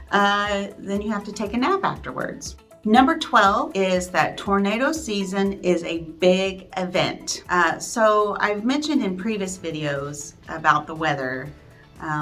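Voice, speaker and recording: A woman's voice: fairly low pitch, pushed and bright. A woman, a real estate agent talking through casual advice for newcomers in a friendly, chatty way with self-deprecating asides. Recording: faint background music.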